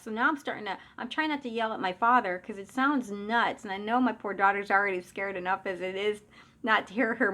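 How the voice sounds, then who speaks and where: A woman's voice: medium pitch, sharp tone. A middle-aged woman and psychic medium telling a personal story in a casual, conversational way, often restarting sentences and trailing off into asides.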